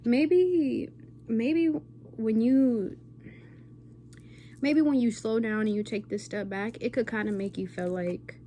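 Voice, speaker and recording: A woman's voice: on the high side, slow pace, pauses often, dark tone, a little hiss or hum. A woman giving a casual, rambling intuitive tarot reading to viewers, often checking in with "okay?". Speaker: tarot reader.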